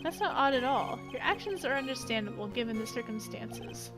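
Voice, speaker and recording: A young male defense lawyer pressing a witness with pointed questions, read by a woman in her own high voice. Game music runs in the background. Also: lively intonation, fairly quick, natural voice. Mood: probing. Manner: questioning, probing.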